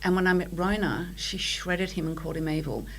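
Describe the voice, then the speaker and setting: Guest spot: Australian woman, middle-aged, animated storyteller, slightly low pitch. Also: brisk, a little hiss or hum, low-quality recording. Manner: animated storyteller who acts out quotes. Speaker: podcast guest. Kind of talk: storytelling in casual chat.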